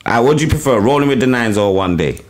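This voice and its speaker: A man's voice: animated, quick pace. A male podcast co-host from London with a London accent, chatting and joking in casual banter. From England. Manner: joking, mocking, swings his pitch.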